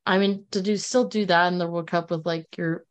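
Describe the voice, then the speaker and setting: A woman's voice: lowish voice, steady tone, fairly quick, clean tone, dull audio. A woman co-hosting a casual sports podcast, chatty with many fillers and restarts. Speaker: podcast co-host.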